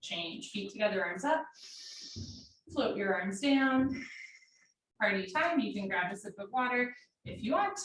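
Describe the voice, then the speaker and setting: A woman teaching a live yoga class from home, calling out poses in steady, directive short commands. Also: medium pitch, a little slow, long pauses. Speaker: yoga instructor. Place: home room. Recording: very echoey room, mic far off, faint noise.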